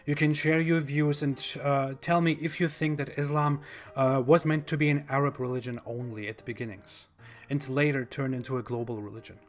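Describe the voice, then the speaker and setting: A man's voice: medium pitch, steady tone. Blunt man with a German accent. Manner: blunt and mocking, with pauses and fillers. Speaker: video host. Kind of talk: opinionated video monologue.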